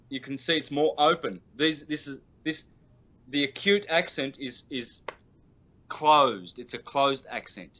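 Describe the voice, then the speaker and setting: A man speaking as a guest teacher on a call, explaining patiently and drawing out sounds as he demonstrates them. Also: mid-range voice. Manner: patient and instructive, drawn-out demonstrated vowel sounds. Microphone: video call. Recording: lo-fi internet call audio.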